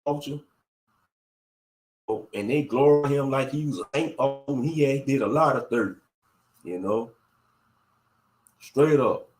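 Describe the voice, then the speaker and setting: This commentator's mid-range voice moves slowly, with long pauses. Even so, his YouTube rant is blunt and heated, and he keeps repeating catchphrases.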